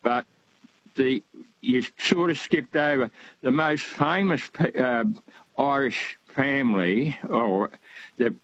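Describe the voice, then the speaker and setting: A man's voice: medium pitch, slow pace, a bit bright, muffled recording. An older man calling in to a radio show, talking in a rambling, hesitant way with many fillers. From Australia. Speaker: caller. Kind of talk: phone-in call.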